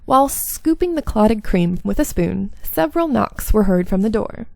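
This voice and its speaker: Gravelly woman reading a visual novel. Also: medium pitch, animated, moderate pace, no echo. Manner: reads narration with small slips and asides. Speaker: game streamer.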